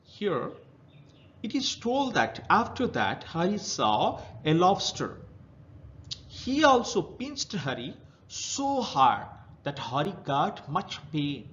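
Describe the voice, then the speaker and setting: A man's voice: on the high side, huge pitch swings, slow pace, fairly bright tone, muffled recording, a little hiss or hum. A male teacher with an Indian English accent who reads a children's story aloud and then retells each passage in simple words. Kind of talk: reading a story aloud and explaining it.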